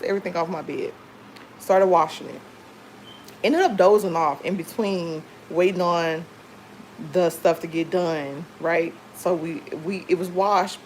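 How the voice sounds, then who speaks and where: Woman livestreamer, lower pitch, rambling casual storyteller, faint hiss behind. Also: darkish tone, rough recording. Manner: chatty, rambling storytelling with many fillers. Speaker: livestream host. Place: home.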